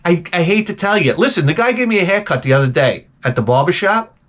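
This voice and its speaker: A middle-aged man rants through comic stories in a high voice with wild swings in pitch. He exaggerates everything, swears freely and piles up complaints with loud disbelief. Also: fast talker. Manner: animated, profane, exaggerated complaining. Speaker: comedic host. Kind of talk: comedic storytelling rant.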